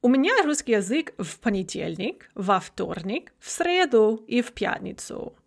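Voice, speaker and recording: A woman language instructor giving a recorded lecture, explaining grammar methodically and modeling example phrases slowly and carefully. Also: on the high side, sing-song, gravelly.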